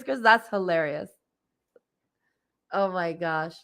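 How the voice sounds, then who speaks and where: A woman's voice: medium pitch, unhurried, fairly bright tone. A woman hosting a spiritual livestream, chatting casually and giggling often, with lots of fillers. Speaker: livestream host and spiritual reader.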